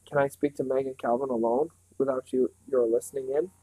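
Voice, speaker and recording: Earnest, determined small boy from a storybook, read by a man in his own mellow, dry voice. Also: medium pitch, steady tone, a little fast, no echo, close to an everyday voice, low-quality recording.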